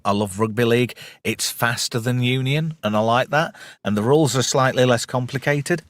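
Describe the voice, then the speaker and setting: A man's voice: medium pitch, moderate pace, no echo. A man in a casual podcast chat, bawdy and joking, rambling from story to story. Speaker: podcast co-host.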